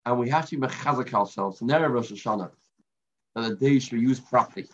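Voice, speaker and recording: A man giving a Torah class sermon, telling a story with dramatic pauses and Hebrew and Yiddish terms. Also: medium pitch. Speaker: rabbi. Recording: lo-fi muffled recording.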